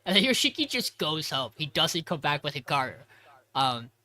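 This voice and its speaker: A man's voice: fairly high pitch, sing-song, normal speed, sharp tone. A man co-hosting a podcast, recapping an episode in a rambling, profane way that keeps correcting itself. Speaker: podcast co-host.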